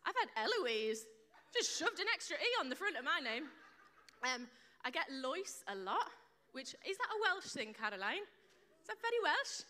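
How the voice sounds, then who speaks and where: Speaking at normal speed, a woman with a high, pushed and bright voice that swings widely in pitch gives a playful sermon in a church hall. She jokes with her live congregation and quizzes them as she goes, and the close mic, lacking a windshield, lets her breathing come through.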